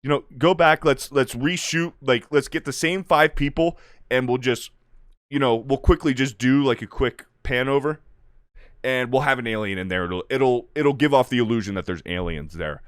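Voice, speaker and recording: A man rants through a casual review, exasperated and swearing freely, and mimics the characters in mocking voices. His voice sits at an ordinary middle pitch. The recording is dry and close, with no room sound. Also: moderate pace, clear, resonant tone, no echo.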